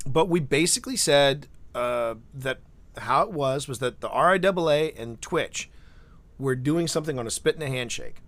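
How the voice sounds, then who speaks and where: A man streaming live, chatting casually and telling stories with lots of restarts and asides. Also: medium pitch. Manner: animated storyteller, rambling with restarts. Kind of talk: casual livestream chat.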